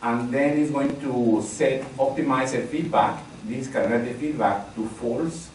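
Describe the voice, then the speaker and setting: A man's voice: medium pitch, unhurried, a little mellow. Distant man teaching in an echoey room. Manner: conversational, repeats key phrases, polls the audience. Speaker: instructor. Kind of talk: live technical training. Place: large training room with live audience. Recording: very echoey room from far off, faint noise.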